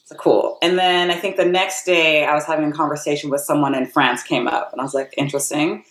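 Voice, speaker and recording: Low-voiced woman in a roomy echo. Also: steady tone, a little fast. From United States. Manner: chatty, lots of "like", acts out quotes in a higher voice. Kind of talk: casual storytelling.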